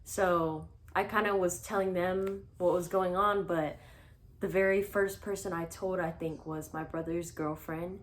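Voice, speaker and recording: A woman's voice: on the low side, slight background noise. A young woman vlogger casually telling her own life story, chatty with lots of "like" and small laughs. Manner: chatty, frequent "like", laughs between sentences.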